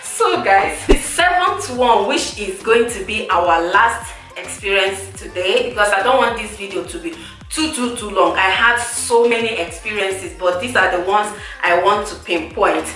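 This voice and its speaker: A young woman, chatting casually to her viewers, animated and laughing often, repeating words for emphasis. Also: medium pitch, a little slow. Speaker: vlogger. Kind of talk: casual chat to camera. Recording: roomy echo, far from the mic, faint music.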